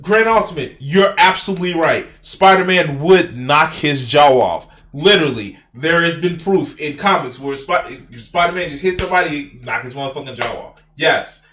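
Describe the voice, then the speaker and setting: A man's voice: a little high, animated, moderate pace, few pauses, sharp tone. A man streaming and reacting to a video in casual, profane, incredulous commentary.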